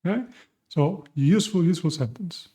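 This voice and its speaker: A young man teaching a language lesson, playful and slowing down carefully to model each phrase. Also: on the high side, expressive, warm tone. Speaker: Spanish teacher.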